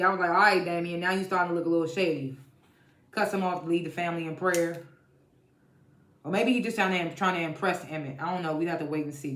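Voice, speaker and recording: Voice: medium pitch, fairly bright tone. A TV show reviewer giving a casual episode recap, blunt and profane, laughing often while retelling scenes. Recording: echoey room.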